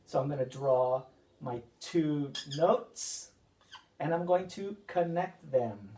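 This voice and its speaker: A man's voice: fairly high pitch, slow pace, dark tone. A man teaching a children's music lesson, patiently repeating each step and asking the class questions as he goes.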